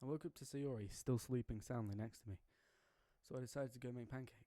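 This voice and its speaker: A man's voice: mid-range voice, fairly quick, mellow. A young man reading a fan story aloud, breaking off for casual, jokey, slangy asides. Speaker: story reader.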